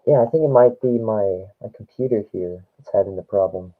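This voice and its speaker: A man's voice: on the low side, fairly quick. A man hosting a casual livestream, joking and reading chat aloud over a muffled phone mic. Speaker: stream host. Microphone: phone mic through headset. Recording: tinny, muffled call audio.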